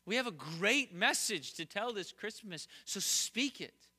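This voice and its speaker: Bright-voiced earnest male preacher. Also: high voice, lively intonation, unhurried. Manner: earnest, repetitive preaching with rising emphasis. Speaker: pastor. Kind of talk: sermon.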